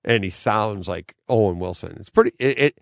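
A man's voice: on the low side, moderate pace, no echo, clean studio sound. A man co-hosting a casual podcast, rambling with lots of fillers and frequent laughs. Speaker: podcast co-host. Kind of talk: casual chat. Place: comic bookstore.

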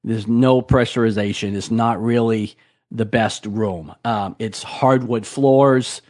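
A man co-hosting a casual podcast, relaxed and a bit hesitant as he explains things. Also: fairly low pitch, slow. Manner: relaxed, hesitant, lots of ums and restarts. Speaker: podcast co-host. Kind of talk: casual chat.

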